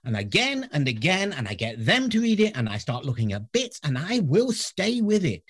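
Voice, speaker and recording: Man, professor, reflective storytelling, animated pitch, softens on key words. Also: normal speed, husky. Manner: earnest, varies loudness, drops to soft near-whisper on key words. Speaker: professor, guest.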